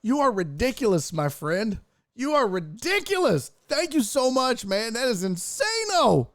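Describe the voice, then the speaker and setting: A man's voice: very high voice, a little slow, no echo, studio quality. A man hosting a casual sports stream, swearing freely and reading out thanks to viewers. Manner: profane, excitable, thanking donors. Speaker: streamer host.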